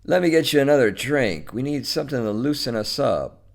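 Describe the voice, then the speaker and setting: A man's voice: mid-range voice, animated, brisk, vocal fry, voice pushed up. A man reading a story, voicing a balding, lonely middle-aged man who talks curtly and pushes insistently. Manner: curt, insistent, coaxing.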